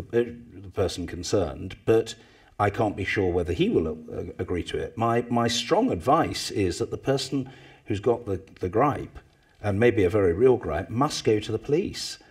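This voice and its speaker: Husky older man telling lively anecdotes. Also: fairly low pitch, a little slow. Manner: animated storyteller, mimics others with loud bursts. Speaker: former parliamentary speaker, guest. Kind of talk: anecdotal talk to a live audience.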